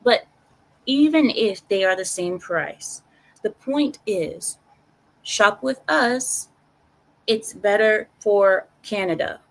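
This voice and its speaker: A woman giving her opinions on a casual live stream, talking straight to her chat in an animated way and repeating phrases for emphasis. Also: mid-range voice, slow, low-quality recording.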